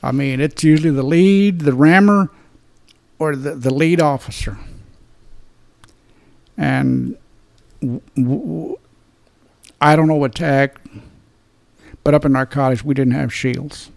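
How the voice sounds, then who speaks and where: Older man, 70s, from Texas, retired cop storyteller, gravelly tone, slightly high voice, blunt and halting. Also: a little mellow. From Dallas, Texas. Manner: plain-spoken, profane, restarts and repeats words. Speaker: retired police detective. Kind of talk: storytelling in an interview.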